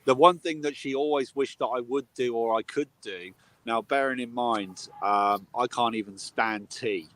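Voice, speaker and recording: A man's voice: mid-range voice, moderate pace, fairly bright tone, a little hiss or hum. A man, a medium, telling a funny family story in casual chat on a live video call. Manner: chatty, laughs at his own stories. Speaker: medium, co-host.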